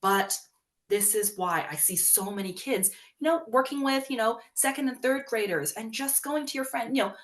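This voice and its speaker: This woman, co-hosting a podcast, chats casually about parenting and often acts out what kids and parents say. She works with young schoolchildren, and her animated voice is on the high side at a moderate pace.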